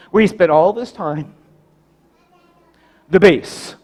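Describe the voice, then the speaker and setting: A man, the pastor, preaching a storytelling sermon, swinging from loud to hushed and slowing down for emphatic pauses. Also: high-pitched.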